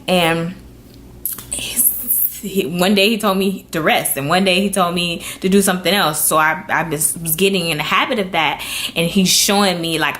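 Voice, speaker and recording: A young adult woman vlogging to camera, telling a personal story with earnest, animated delivery and acted-out quotes. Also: fairly low pitch, moderate pace, slight background noise. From Florida.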